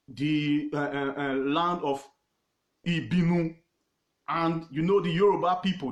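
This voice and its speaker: A man with a Nigerian accent teaching history informally on his own page, emphatic and repetitive, pausing often with fillers. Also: on the high side, echoey room. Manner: emphatic, repeats words, pauses with fillers.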